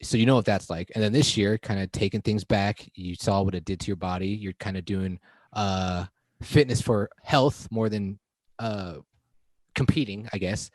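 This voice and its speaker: A man's voice: lowish voice, moderate pace, dry recording. A man co-hosting a podcast, chatty, laughing often and acting out his reactions. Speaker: podcast co-host. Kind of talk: casual chat.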